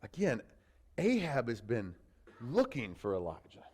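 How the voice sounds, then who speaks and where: A man preaching a sermon as a pastor, telling the story in an animated, conversational way with asides to the congregation. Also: mid-range voice, unhurried, breathy edge, poor audio.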